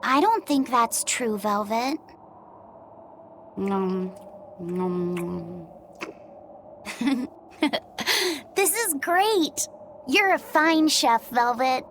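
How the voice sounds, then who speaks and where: A woman voicing a gentle young boy. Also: sits high, lively intonation, slow pace, a little hiss or hum, exaggerated voice. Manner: soft, earnest, polite. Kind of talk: game voice acting.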